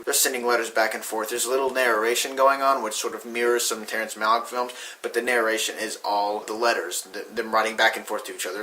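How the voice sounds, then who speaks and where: Young guy rambling through a movie review, bright crisp voice, keeps fixing what he just said. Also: mid-range voice. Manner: chatty, self-correcting, hesitant restarts. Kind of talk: casual spoken film review.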